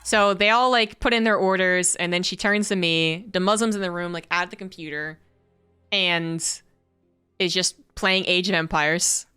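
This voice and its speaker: Woman streamer-caster, crisp and smooth voice, animated and profane in casual chat. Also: on the low side, normal speed, no echo, soft background music. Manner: animated, rising to incredulous outbursts when quoting herself; chatty, profane, laughs through the tale. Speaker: esports caster. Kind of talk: casual storytelling while casting.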